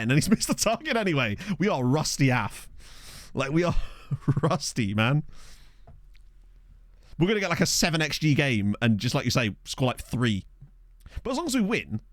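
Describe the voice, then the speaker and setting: A young man with a fairly high voice streams a football management game, chatting and joking as he reacts to the play. He uses a studio USB microphone, and there's no echo.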